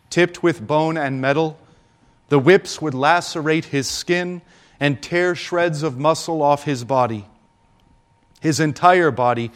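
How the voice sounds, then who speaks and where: A man preaching a Good Friday homily with solemn, deliberate delivery and dramatic pauses. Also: a little high.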